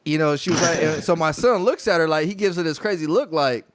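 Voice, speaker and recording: A man with a slightly high voice tells stories on a podcast with lively energy and frequent laughs. His voice sounds close and dry, with no room echo behind it. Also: quick pace. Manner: animated storytelling, laughing often. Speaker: podcast co-host. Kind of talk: casual podcast chat.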